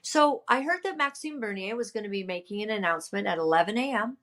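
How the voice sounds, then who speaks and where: A woman, a political candidate and podcast guest, retelling events in an emphatic, lively way with many fillers. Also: medium pitch, fast. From Canada. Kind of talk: storytelling in a casual interview.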